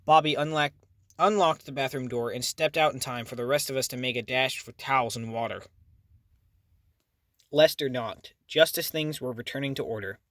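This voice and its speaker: A man's voice: mid-range voice, moderate pace, fairly bright tone, no room sound. Dry, close male audiobook narrator. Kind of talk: first-person audiobook narration.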